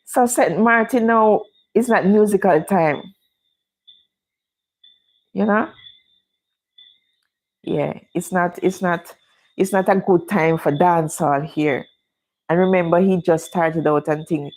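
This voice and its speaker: Hosting a livestream, this middle-aged Jamaican woman talks to her viewers in a relaxed, chatty way, using Jamaican English and a Jamaican accent. She speaks unhurriedly in a lowish, slightly mellow voice with long pauses, and the audio is poor.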